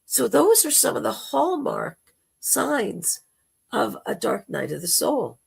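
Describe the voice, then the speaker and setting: A woman hosting a live spiritual talk, telling a personal story slowly and heartfelt, with dramatic quoted asides. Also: on the high side, sing-song, creaky, breathy edge. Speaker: spiritual talk show host.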